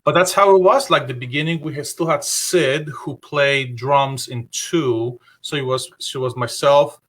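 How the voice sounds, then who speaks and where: A man with a bright, forceful voice tells long stories as a guest on a video call. He rambles through them with plenty of fillers. He quotes what he said back then. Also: mid-range voice, steady tone, measured pace. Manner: rambling anecdotes with many fillers; acts out his own past remarks in quotes. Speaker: guest guitarist. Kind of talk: casual interview storytelling.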